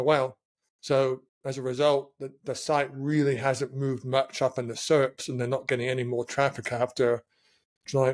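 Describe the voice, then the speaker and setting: A man speaking as a podcast guest and SEO consultant over a remote call, telling stories in a rambling, animated way. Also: medium pitch. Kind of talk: casual podcast chat.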